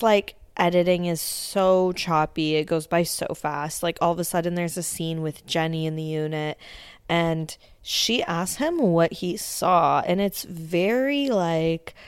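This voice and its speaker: A woman's voice: on the low side, steady tone, slow pace, clear, resonant tone, no room sound. Brief: woman podcast host, casual opinionated recap, lots of "like" fillers; dry close recording. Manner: blunt, swears often, many "like" fillers.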